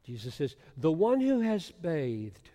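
A man preaching an expository sermon, swinging from hushed whispers to loud emphatic bursts. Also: a little high, huge pitch swings, slow pace. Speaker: pastor. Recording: long hall reverb.

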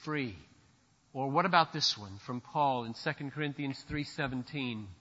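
A male pastor delivers a sermon at normal speed, alternating emphatic declarations with sudden low, quiet asides. The recording is muffled and has a long reverb tail.

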